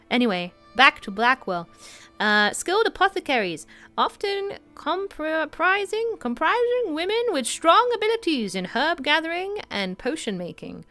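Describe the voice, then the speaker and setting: A woman's voice: a little high, pushed and bright. A woman streamer reading game lore aloud, giggling often, tripping over hard words and wandering into chatty asides.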